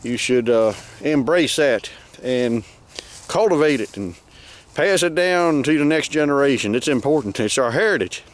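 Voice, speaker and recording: A man's voice: mid-range voice, animated, moderate pace. A man, a farmer talking casually outdoors in a pasture into a handheld camera, folksy and rambling with wry humor. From Southern Maryland, United States. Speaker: farmer vlogger. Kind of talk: casual walk-and-talk narration.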